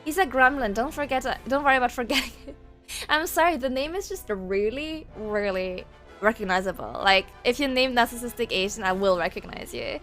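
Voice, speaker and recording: Woman streamer, high voice, casual rambling chat, quick laughs, light swearing, faint soundtrack music behind. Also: lively intonation, a bit bright. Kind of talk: casual livestream chat, reading chat aloud. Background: faint game-soundtrack music.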